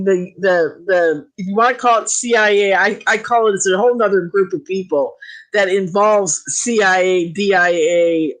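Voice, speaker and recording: A woman on a talk radio show, telling her experiences in an animated, emphatic, excitable way. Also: mid-range voice, poor audio. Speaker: UFO contactee guest. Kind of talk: casual talk radio chat.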